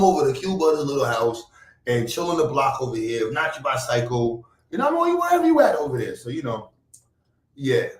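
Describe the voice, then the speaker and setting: Man, streamer, rambling chat that jumps from loud outbursts to muttering; mid pitch, a bit off mic in an echoey room. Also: sing-song, brisk, far from the mic. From Brooklyn, New York. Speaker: livestream host. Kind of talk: casual livestream chat.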